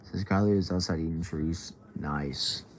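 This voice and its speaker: Speaking a little slowly in a low-pitched voice, a young adult livestream host at home casually reads comments aloud. His manner is laid-back and drawling, with plenty of "bro" and "y'all." Slight background noise and faint TV sound from another room come through.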